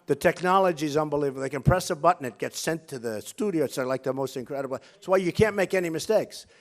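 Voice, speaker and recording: Man, political candidate, rally stage speech, high-pitched, boastful, repetitive. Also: fast talker. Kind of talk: off-the-cuff campaign rally speech.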